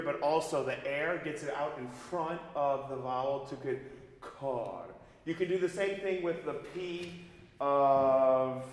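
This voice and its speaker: A man leading a singing master class, explaining diction and breath and singing short examples as he goes. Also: mid-range voice. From United States. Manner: lively, demonstrative, sings vocal examples mid-sentence. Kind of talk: coaching singers in a master class. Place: large recital hall. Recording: echoey hall recording from far off, faint piano.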